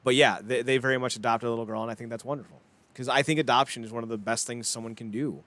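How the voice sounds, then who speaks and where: A man's voice: mid-range voice, steady tone, fast, a bit bright, no room sound. A man co-hosting a wrestling podcast, chatting casually, rambling and laughing often, acting out quotes in little voices. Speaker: podcast co-host. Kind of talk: casual chat.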